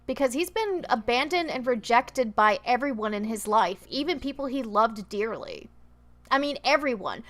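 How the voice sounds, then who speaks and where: A woman's voice: a little high, animated, moderate pace. A woman streamer commenting on a video game, emotional and exclamatory. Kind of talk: gameplay livestream commentary.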